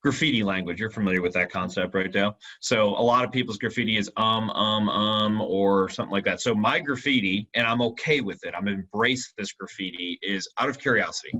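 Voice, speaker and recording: A man coaching real estate agents in a casual training discussion, explaining things in a soft, questioning way. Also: fairly low pitch, fairly quick, few pauses, low-quality recording. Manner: explanatory, demonstrates a softly questioning tone.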